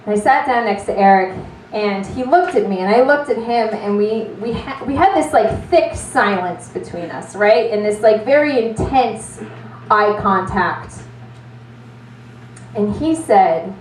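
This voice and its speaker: A woman telling a stand-up story in an animated, swearing, self-mocking way. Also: medium pitch, a little slow, slight background noise. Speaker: stand-up comedian. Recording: roomy, distant mic.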